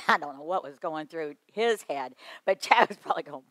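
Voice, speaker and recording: Middle-aged lady telling a church story to teachers, kinda high voice, dry close sound. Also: no echo. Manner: lively storyteller, quick asides and chuckles. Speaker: children's ministry workshop speaker.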